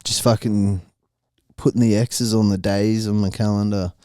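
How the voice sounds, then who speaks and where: A man's voice: on the low side, level tone, moderate pace, dark tone, dry recording, clean studio sound. A young man co-hosting a podcast in laid-back, sweary casual chat. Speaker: podcast co-host.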